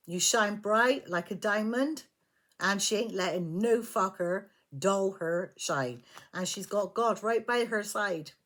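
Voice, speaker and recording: A woman talks through a tarot spread in a blunt, emphatic way. She punches key words and swears freely. Her voice sits at an ordinary middle pitch for a woman. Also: fairly bright tone. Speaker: tarot reader. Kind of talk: tarot reading.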